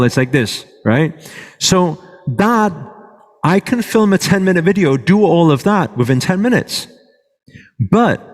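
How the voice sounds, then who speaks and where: Man teaching a workshop in a big hall. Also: a little high. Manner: checks in often with the audience; moves around while speaking. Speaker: workshop presenter. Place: large hall with a live audience. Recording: reverberant hall.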